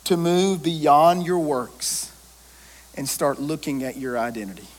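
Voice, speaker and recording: A man, a pastor preaching a lively sermon and joking with his congregation. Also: fairly high pitch, a little slow.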